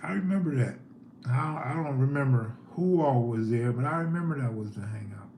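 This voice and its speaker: A man's voice: medium pitch, animated, a little fast, darkish tone, roomy sound, slight background noise. A man hosting a live stream, telling neighborhood stories in a laid-back way and reading chat aloud.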